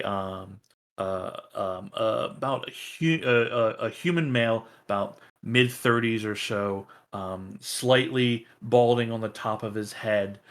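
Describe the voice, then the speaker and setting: Man, game master, halting narration full of fillers, low voice, unhurried. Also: fairly bright tone. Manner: halting, many ums and uhs.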